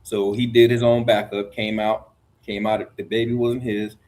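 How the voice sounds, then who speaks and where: A man's voice: fairly low pitch, flat delivery, normal speed, darkish tone, slight background noise, low-quality recording. Middle-aged man rambling through a story. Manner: rambling storyteller, restarts, blunt. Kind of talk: casual livestream chat.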